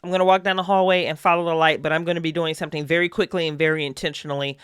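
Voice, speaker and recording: A player in a horror tabletop game, firing off questions and laying out actions in an intent, deliberate way. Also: mid-range voice, flat delivery, a bit bright, clear, resonant tone, no echo, studio quality. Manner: quick questions, intent, planning actions aloud. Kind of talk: in-character roleplay in a horror game.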